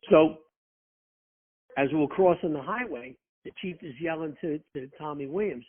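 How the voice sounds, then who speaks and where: Heard on a tinny phone line, a former rescue firefighter appearing as a guest swaps profane anecdotes in casual chat, animatedly acting out the quotes. His voice is husky and on the high side, and he keeps a measured pace.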